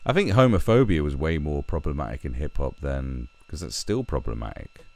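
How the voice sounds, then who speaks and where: A man's voice: a bass voice, very animated, fairly quick, darkish tone. A man giving rambling, sweary commentary and often restarting his sentences. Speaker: YouTube commentator. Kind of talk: ranting commentary.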